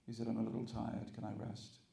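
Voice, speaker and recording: In a temple hall before an audience, a man delivers a storytelling sermon, animatedly acting out each character. His voice sits on the low side and moves fast, gravelly and reverberant.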